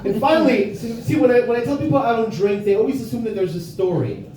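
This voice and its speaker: A man's voice: very high voice, lively intonation, quick pace, dark tone, heavy reverb. A young adult man doing a brash, profane stand-up set in a bar, recorded live from a distance. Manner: brash, profane, self-mocking. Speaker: stand-up comedian. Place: bar comedy stage with live audience.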